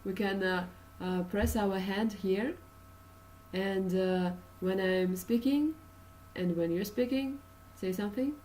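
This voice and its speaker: A woman's voice: mid-range voice, takes it slowly, a little mellow, recorded from a distance, a little hiss or hum, rough recording. A woman from Russia with a Russian accent, teaching an English pronunciation lesson with many uh and um fillers and patient explanations.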